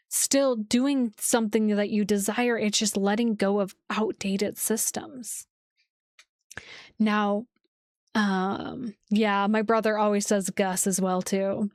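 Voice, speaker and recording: A woman's voice: medium pitch, steady tone, takes it slowly, a little mellow, no room sound. Woman astrologer rambling on a livestream, lots of likes, dead dry mic. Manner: rambling, full of "like" and restarts. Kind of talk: casual livestream talk. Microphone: streaming setup, seated in a chair.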